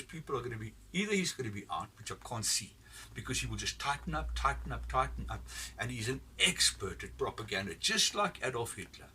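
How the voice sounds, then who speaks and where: Man, blunt and profane, rambling opinion rant, bright sharp voice, swooping up and down, a bit far from the mic. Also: medium pitch. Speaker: commentator giving his opinion. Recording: voice from off the mic with faint ambient noise.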